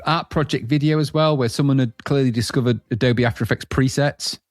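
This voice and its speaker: A man's voice: mid-range voice, steady tone, brisk, no echo, clean studio sound. A man co-hosting a casual podcast, trading jokey, mock-outraged and sweary banter. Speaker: podcast co-host. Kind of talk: casual chat.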